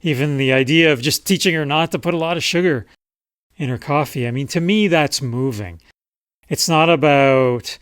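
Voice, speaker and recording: Speaking as a writing coach in relaxed teaching talk, a man reads sections of a client's memoir aloud while explaining the craft conversationally. His voice is medium in pitch, a bit bright and smooth, recorded cleanly in a studio without echo.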